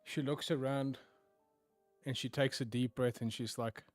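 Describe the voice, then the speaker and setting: A man narrating a tabletop game as game master, often sinking to hushed tones for dramatic moments. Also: medium pitch, fairly even intonation, unhurried, no room sound, soft background music.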